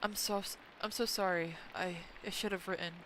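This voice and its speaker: A woman's voice: mid-range voice, fairly even intonation, a little fast, noisy background, natural voice. A stuffy woman reading an apologetic male painter. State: stuffy nose.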